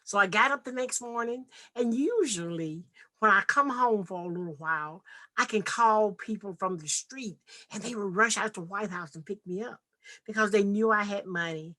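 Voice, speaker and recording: A woman's voice: medium pitch, normal speed, bright, forceful tone. A woman from Nashville giving an earnest, heartfelt personal testimony as a podcast guest. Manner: earnest, heartfelt, vivid retelling.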